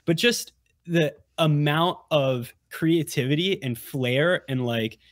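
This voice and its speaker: Animated rambling male podcast guest. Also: on the high side, slow, no echo, clean studio sound. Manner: animated, rambling, lots of "like" and restarts. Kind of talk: casual conversational interview.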